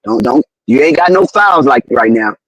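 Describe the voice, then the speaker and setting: A man doing fan play-by-play of a basketball game, excitable, slangy and loudly outraged at the referees. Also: mid-range voice, normal speed, no echo, rough recording. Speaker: live game commentator.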